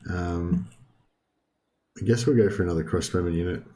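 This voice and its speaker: A young man casually commentating his strategy game play, thinking aloud with many filler ums and the odd throat clearing. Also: deep voice, moderate pace, mellow. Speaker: gaming video host.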